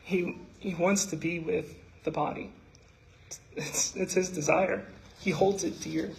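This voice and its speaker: Man, church speaker, slightly high voice; halting talk, fervent recitation. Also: fairly even intonation, vocal fry, a little hiss or hum, low-quality recording. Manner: halting, with fillers and restarts, rising when reciting. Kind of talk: devotional talk reciting scripture.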